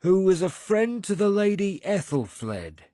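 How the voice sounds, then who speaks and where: A man's voice: high voice, sing-song, a little slow, dark tone, dry recording, clean studio sound, voice pushed up. A man voicing a guarded elderly farmer who greets travellers with a sword in hand. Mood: wary. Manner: wary, then welcoming.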